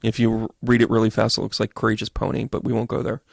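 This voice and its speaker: A man hosting a live-stream tarot reading, chatting with viewers in an animated, profane way and acting out quick voices. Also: fairly low pitch, creaky, no echo, studio quality. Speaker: medium doing tarot readings.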